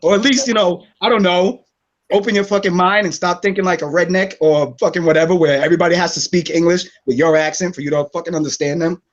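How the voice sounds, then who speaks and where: A man's voice: high-pitched, steady tone, quick pace, dull audio. Profane, rambling man from New York. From New York City. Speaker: guest. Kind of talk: casual online chat.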